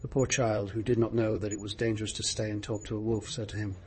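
A man narrating a fairy tale in a steady, measured storybook reading. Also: fairly low pitch, a little hiss or hum.

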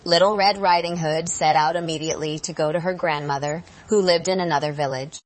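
A woman telling a fairy tale aloud in a measured, expressive way. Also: low voice. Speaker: storyteller.

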